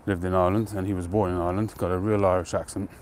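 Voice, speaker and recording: A man hosting a live stream outdoors, chatting to viewers in a relaxed, rambling way and greeting them by name. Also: sits low, very fast, a little hiss or hum. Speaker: pipe-smoking livestream host. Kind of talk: casual live-stream chat.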